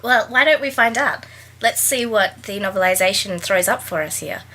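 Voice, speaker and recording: Husky bright-voiced woman, sarcastic. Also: mid-range voice, animated, normal speed. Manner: sarcastic, laughs often. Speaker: guest podcast host. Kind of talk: casual comedic book chat.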